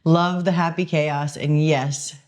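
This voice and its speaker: A woman co-hosting a podcast in casual chat, playful and quick to laugh. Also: sits low, steady tone, darkish tone. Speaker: podcast co-host.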